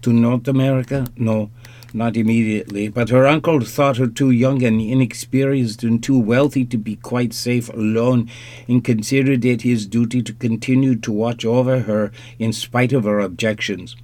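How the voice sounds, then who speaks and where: A man reading an audiobook, voicing a nervous, formal young man with a slight accent in higher, louder tones. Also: fairly even intonation, moderate pace, natural voice. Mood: formal, earnest.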